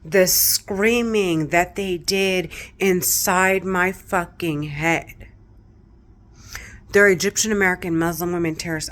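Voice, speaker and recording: A woman's voice: lowish voice, a bit bright. Agitated, profanity-heavy middle-aged woman. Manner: agitated, heavy swearing, repetitive. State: distressed, close to tears. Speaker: vlogger. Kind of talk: agitated direct-to-camera monologue.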